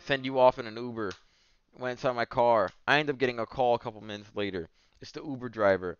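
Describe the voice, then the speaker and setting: Host, young man, casual storyteller, smooth bright tone, jumps from mutters to yelling, dull recording. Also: medium pitch, fast, no room sound, faint music behind. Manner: animated, swings from mumbling asides to yelling bursts. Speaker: podcast host telling a dating story.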